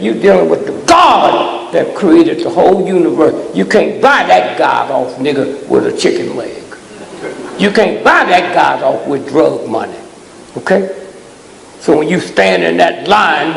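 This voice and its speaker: Gravelly man lecturing in an echoey hall. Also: on the high side, slight background noise. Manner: blunt, scolding, keeps asking "huh?" to the crowd. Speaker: speaker addressing a live audience. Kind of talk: fiery preaching-style lecture. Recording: echoey hall with long reverb.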